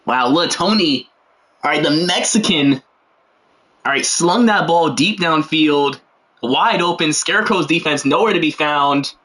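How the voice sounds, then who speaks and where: A man's voice: on the high side, unhurried, fairly bright tone. A young man giving casual, joking play-by-play commentary on a livestreamed game, full of slangy asides and rambling.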